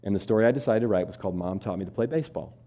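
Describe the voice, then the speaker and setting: A man speaks quickly on a stage, his voice low and mellow. He is in his forties and tells a personal story to a live audience. He asks them questions and acts out the voices of the people in the story. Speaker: keynote speaker. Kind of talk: storytelling keynote talk.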